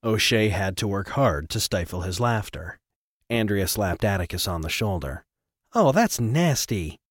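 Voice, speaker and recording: A man narrating an audiobook with an expressive, dramatic reading. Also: low-pitched, moderate pace, dry recording, studio quality. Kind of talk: scripted narration.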